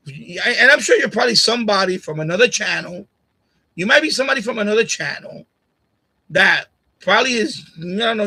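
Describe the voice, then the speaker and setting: This is a middle-aged man with a high, pushed, bright voice carrying a breathy edge, hosting a live stream. He talks casually at first but becomes heated and repetitive when confronting someone in the chat. Raised partly in Puerto Rico by a Puerto Rican family, he uses a USB condenser mic on a boom arm.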